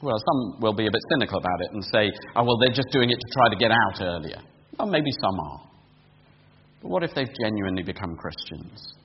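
A man preaching a sermon, explaining a passage point by point, building to emphatic peaks and then dropping quiet and close. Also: lowish voice, animated, a little fast. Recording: dull lo-fi sound with long hall reverb and faint hum.

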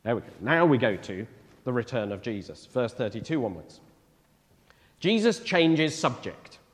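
Chatty preacher in a reverberant church. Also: male voice, mid-range voice, very animated, normal speed. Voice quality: conversational, asks the congregation questions. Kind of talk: sermon. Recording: long reverb of a church hall.

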